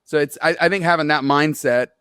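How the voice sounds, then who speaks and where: A man's voice: on the high side, a little fast, a bit bright, clear, resonant tone, no echo, studio quality. A man guesting on an interview podcast, an earnest storyteller who acts out quoted dialogue as he makes his points. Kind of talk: conversational interview.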